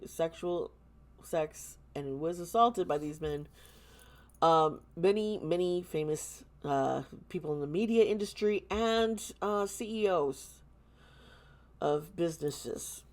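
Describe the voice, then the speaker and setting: A woman hosting a tarot channel, speaking in a casual vlog style, earnest and halting, with many pauses and restarts. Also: low-pitched, a little mellow.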